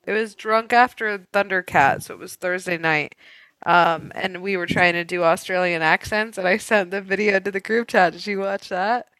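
A woman's voice: medium pitch, steady tone, normal speed, a bit bright, no echo, poor audio. A young woman co-hosting a podcast in casual chat, crude and joking, laughing often. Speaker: podcast co-host.

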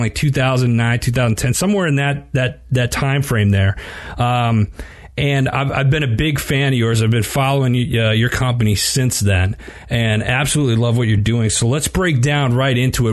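A man hosts a podcast in a chatty, upbeat way. He speaks at a middle pitch, often restarting and filling with uhs as he introduces his guest. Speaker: podcast host. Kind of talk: casual podcast hosting.

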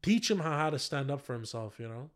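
Man, podcast guest, blunt and emphatic, mid-pitched, casual. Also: animated, fairly quick. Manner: blunt and emphatic, swears freely.

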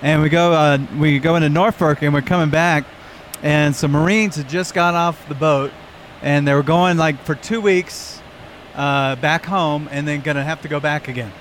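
A man who is an airline pilot, telling a story in a relaxed, rambling way with many pauses. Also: fairly high pitch, a little hiss or hum. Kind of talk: casual anecdote.

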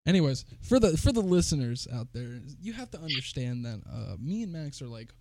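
A man's voice: mid-range voice, sing-song, a little fast, dark tone, slight background noise. A man co-hosting a casual podcast, teasing his friends and laughing often. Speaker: podcast co-host. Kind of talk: casual chat.

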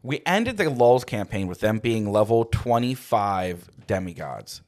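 A young adult man co-hosting a podcast, chatting casually and telling a rambling, animated story about his tabletop game campaigns. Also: fairly low pitch, unhurried. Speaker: podcast co-host, game master.

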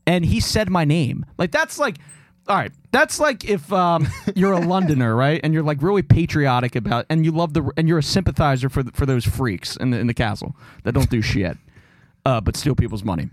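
Young philly dude rambling on a podcast, lots of um and like, pretty high voice, dry mic. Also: male voice, lively intonation, a little fast, dry recording. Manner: rambling, self-mocking, lots of fillers. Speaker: podcast co-host. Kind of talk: casual chat.

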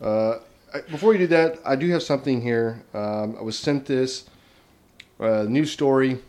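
A man's voice: medium pitch, moderate pace, darkish tone. A man co-hosting a podcast, joking and rambling in casual banter among friends. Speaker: podcast co-host.

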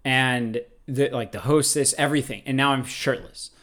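A man's voice: mid-range voice, normal speed, fairly bright tone. A man from Los Angeles co-hosting a casual chat, telling a long rambling story full of restarts. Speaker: podcast co-host.

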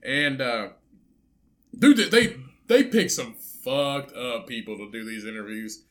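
A man's voice: medium pitch, animated, a little slow, fairly bright tone. A man co-hosting a podcast in casual chat. He is blunt and profane, and restarts sentences while he tells a story. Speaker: podcast co-host.

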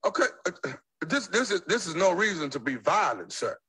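A man making a radio prank call, calm and provocative as he goads the caller. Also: high-pitched, normal speed, husky.

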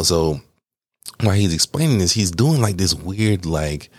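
A man casually telling a personal story, slangy and animated, swearing and talking straight to his listeners. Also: low-pitched, a little slow, slightly rough, no room sound, studio quality. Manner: acts out quoted lines in a raised voice.

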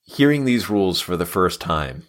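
A man's voice: sits low, sing-song, normal speed. A man co-hosting a podcast, wryly complaining with exaggerated flair. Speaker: podcast co-host. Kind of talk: casual podcast banter.

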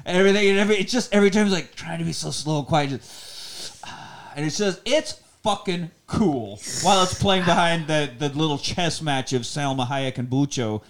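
Laughing, profane movie-commentary host. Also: male voice, on the high side, normal speed, hardly any pauses. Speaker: podcast host.

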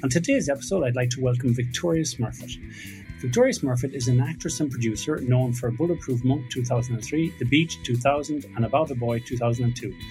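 A man with an Irish accent hosts a relaxed interview from his home music studio, chatting easily with a few restarts. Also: mid-range voice, brisk. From Ireland. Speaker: podcast host. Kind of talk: casual interview chat.

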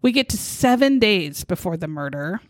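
A woman's voice: on the low side, very animated, moderate pace, no room sound, studio quality. A woman hosting a podcast, telling a true crime story in casual chat, blunt and sarcastic, swearing freely. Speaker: podcast host.

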